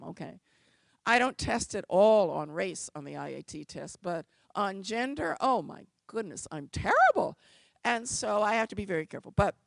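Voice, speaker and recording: Gravelly woman telling stories wryly. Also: on the low side, no echo. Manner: wry, animated storytelling. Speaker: civil rights lawyer. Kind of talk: speech to a live audience.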